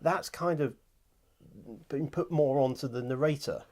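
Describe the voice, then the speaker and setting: A man from England hosting a casual studio chat, jokey and quick to laugh. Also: on the high side, mellow. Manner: jokey, chatty, laughs easily. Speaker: host and audiobook producer. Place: recording studio.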